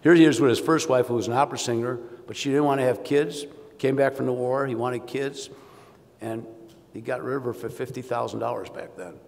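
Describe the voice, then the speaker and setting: A man's voice: mid-range voice, a little fast, gravelly, darkish tone. A man, an orthopedic surgeon, telling wry, self-deprecating family stories in a keynote speech at a conference. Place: conference hall. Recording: long hall reverb.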